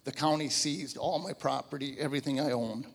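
A man in his fifties giving a personal testimony to a church audience, telling his story in an animated, conversational way. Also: mid-range voice, a little fast, gravelly, husky, big-room sound. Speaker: guest speaker giving a testimony. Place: large church hall before a live audience.

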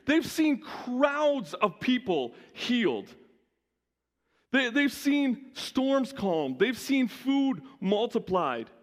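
Guy pastor preaching casual and lively, high voice, long church reverb. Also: extremely slow. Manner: lively, conversational preaching with frequent restarts. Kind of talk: sermon.

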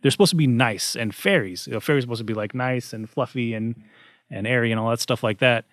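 A man's voice: mid-range voice, fast talker, a bit bright, no room sound, studio quality. A man co-hosting a casual comedy panel, rambling with many restarts and fillers. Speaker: podcast co-host. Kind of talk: casual discussion.

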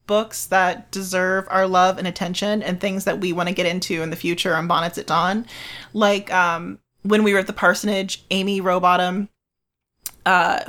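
A woman's voice: on the low side, a bit bright. A woman hosts a podcast in easygoing, casual conversation. She talks in a bubbly way and scatters fillers through her sentences. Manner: bubbly, lots of "like" and "um". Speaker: podcast host. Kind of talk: casual chat.

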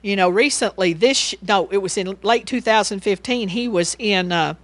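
A woman's voice: medium pitch, moderate pace, dry recording. A woman giving a casual Bible teaching, rambling and chatty, and she laughs as she tells stories.

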